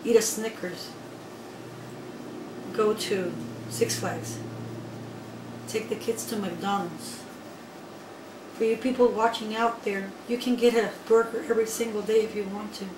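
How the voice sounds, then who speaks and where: A woman from Guatemala, telling her own story in an interview in an animated, emphatic way and speaking straight to the listeners. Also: medium pitch, normal speed. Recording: echoey room, voice from far off, faint background noise.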